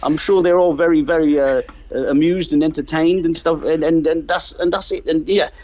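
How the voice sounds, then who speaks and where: A man's voice: on the high side, fairly even intonation, fairly quick, darkish tone, dull audio, lightly acted. A man putting on a pompous, condescending religious guest with a British accent, talking down to the audience on a call. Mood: haughty. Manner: haughty, dismissive, self-important.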